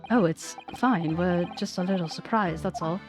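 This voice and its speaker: A woman's voice: on the low side, normal speed, over music, natural voice. Woman reading as a polite young female assistant. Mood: reassuring. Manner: courteous, gentle. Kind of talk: game dialogue read aloud.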